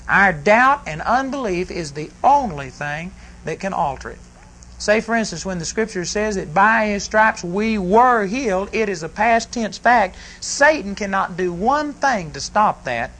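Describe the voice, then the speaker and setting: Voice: mid-range voice, lively intonation, measured pace, fairly bright tone, poor audio. A preacher delivers a folksy, rambling sermon to a congregation, often asking them questions and correcting themselves mid-thought. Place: church service before a congregation.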